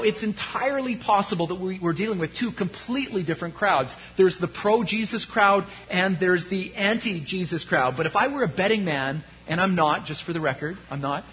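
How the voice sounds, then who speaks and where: A man preaching a sermon as a pastor, his delivery rising to emphasis and dropping low. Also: animated, normal speed, highs cut off.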